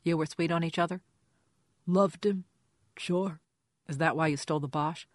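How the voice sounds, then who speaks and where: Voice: medium pitch, fairly even intonation, no echo, studio quality, close to an everyday voice. A narrator putting on a drunk, slurring young man. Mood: sullen. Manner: slow, mumbling and sulky. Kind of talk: audiobook character voice.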